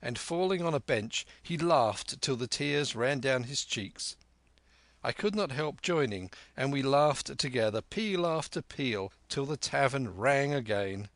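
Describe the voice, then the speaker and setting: A man narrating a classic adventure novel as an audiobook in measured storytelling. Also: mid-range voice, expressive, fairly bright tone, no echo. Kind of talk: scripted narration.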